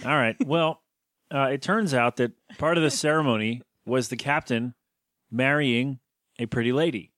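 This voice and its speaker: A man's voice: medium pitch, normal speed, a bit bright, no echo. Guy cohosting a podcast, jokey rambly recap, lots of uhs, dead dry close mic. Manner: joking, rambling with many fillers. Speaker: podcast co-host. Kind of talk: casual chat recapping a TV episode.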